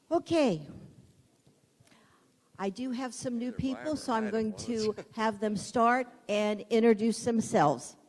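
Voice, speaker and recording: A woman at a community meeting's welcome table, talking in a friendly, unhurried way. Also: a little high, darkish tone. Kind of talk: casual announcements. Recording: echoey community hall.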